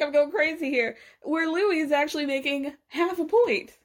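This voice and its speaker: A woman's voice: high-pitched, normal speed, few pauses. A woman hosting a podcast, giving a casual, blunt and sarcastic recap of a reality show, swearing freely. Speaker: podcast host.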